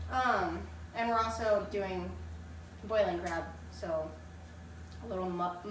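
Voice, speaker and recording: A woman's voice: mid-range voice, slow, long pauses, a little hiss or hum. A young woman co-hosting a casual chat over a meal, talking between bites. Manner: chatty, talks while eating. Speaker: co-host. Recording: far from the mic in an echoey room with loud ambience.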